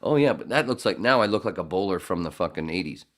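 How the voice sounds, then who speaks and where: A man's voice: low voice, expressive, fast. A man hosting a podcast in casual chat, joking and rambling and swearing often. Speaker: podcast host.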